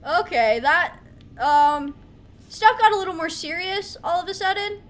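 Female streamer, high bright voice, excitable running commentary on gameplay. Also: measured pace. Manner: excitable, talks to herself, yelps. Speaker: gaming streamer.

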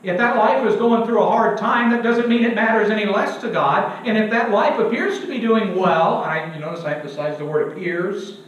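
A young man preaches emphatically, often pausing so the congregation can fill in the word. His voice sits high, and he jokes at his own expense. The sound comes from far off in a very reverberant sanctuary, muffled and dull. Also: a bit bright. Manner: self-deprecating humor. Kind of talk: sermon. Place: church sanctuary. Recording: very echoey church, distant and dull.

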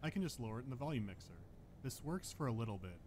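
Deadpan man narrating a game review. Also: medium pitch, racing, noisy background. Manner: dry, deadpan critique. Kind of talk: scripted video essay narration.

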